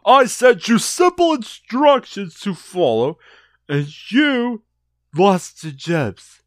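A man voicing an angry ancient male evil spirit who commands in a booming voice. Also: sing-song, takes it slowly, dry recording, clean studio sound, heavily acted. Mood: furious.

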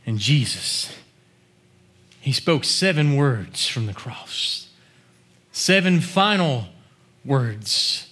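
A man preaching a sermon, building chanted refrains to shouted climaxes before dropping to quiet, earnest teaching. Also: mid-range voice.

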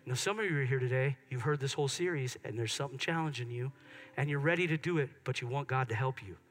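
A middle-aged man preaching a sermon in church, swinging from excited loud peaks to soft hushed moments. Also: mid-range voice, quick pace. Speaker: pastor. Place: church sanctuary.

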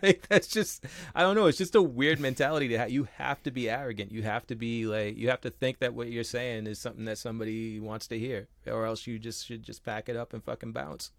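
A young man co-hosting a casual podcast, telling stories with animated quoted voices and casual swearing. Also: mid-range voice, a little fast, hardly any pauses, dry recording. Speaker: podcast co-host.

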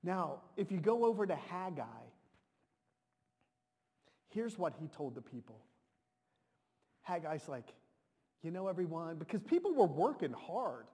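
A man preaching a sermon in an animated way, repeating words and now and then shouting to act a point out. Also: high voice, unhurried, long pauses, breathy edge. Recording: long reverb of a large hall.

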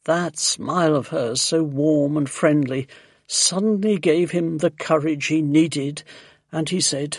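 A man narrating a children's storybook in a lively, expressive way. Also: a little high, slow, no room sound. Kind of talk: storybook reading.

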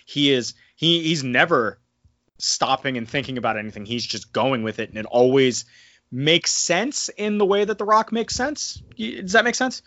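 A man co-hosting a casual wrestling recap podcast, talking animatedly and slipping into excited impressions now and then. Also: medium pitch, moderate pace, no echo, lo-fi sound. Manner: animated, breaks into excited mimicry. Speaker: podcast co-host.

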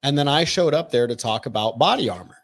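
A man on a podcast telling stories in a casual, animated way, swearing now and then and acting out what people said. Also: medium pitch, fast. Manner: animated, profane, quotes people in their voices. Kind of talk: casual storytelling chat.

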